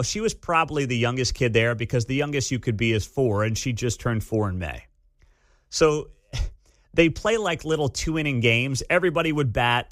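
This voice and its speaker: A man in his thirties hosting a talk radio show, telling a family story in a casual, animated way. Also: mid-range voice, no echo, clean studio sound. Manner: storytelling, animated when quoting his kids. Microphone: studio microphone.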